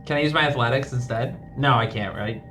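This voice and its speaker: A man's voice: mid-range voice, brisk, sharp tone, faint music behind. A man playing a tabletop game, playful, often laughing and exclaiming. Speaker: player.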